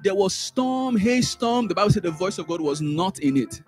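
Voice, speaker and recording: A man teaching a Sunday school class. He repeats words, restarts phrases and swings up sharply in pitch and loudness when he stresses a point. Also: moderate pace, faint music behind. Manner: animated, rises sharply in pitch and volume for emphasis, trails off in asides. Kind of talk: church Bible teaching.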